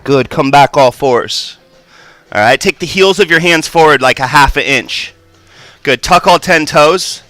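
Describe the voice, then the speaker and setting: A man with a bright, clear, slightly higher voice leads a yoga class, calmly calling out poses and breath cues. He checks in often with "right?" and "good". The sound is dry and close, with little room echo. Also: measured pace, faint music behind. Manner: calm cueing with frequent "right?" and "good". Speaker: yoga instructor. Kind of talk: guiding a live yoga class. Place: yoga studio.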